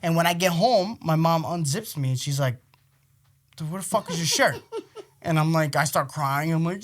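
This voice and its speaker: Profane, animated New man. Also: a little high, normal speed. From Queens, New York. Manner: animated, profane, swings into loud outbursts acting out arguments. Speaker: podcast co-host. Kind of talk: casual storytelling chat.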